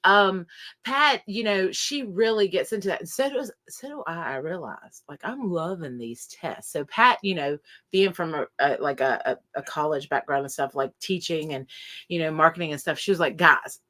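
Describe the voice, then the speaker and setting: A bright-voiced woman with an Appalachian accent, co-hosting a casual chat show. She jokes brashly and turns to the listeners to address them directly. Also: on the low side, animated, normal speed. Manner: brash and joking, talks to listeners as "guys". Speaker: podcast co-host.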